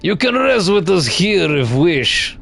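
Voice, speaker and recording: A man's voice: fairly high pitch, lively intonation, measured pace, soft background music. A man reading game dialogue aloud, voicing a jolly, teasing flea from a traveling caravan in a put-on Russian accent with broken grammar and a hearty mock laugh. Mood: hospitable.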